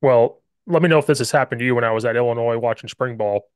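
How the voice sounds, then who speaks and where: Guy hosting a football podcast, lively storyteller, really dry close sound. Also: medium pitch, fast, dry recording. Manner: animated storyteller, acts out quotes. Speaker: podcast host. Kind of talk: casual football chat.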